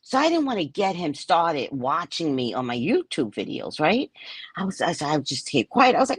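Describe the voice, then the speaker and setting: A woman's voice: sits low, big pitch swings, normal speed, husky, no room sound. A woman hosting a live show, telling a story casually and animatedly, acting out her own pleading in a whispery voice. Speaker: host and psychic reader.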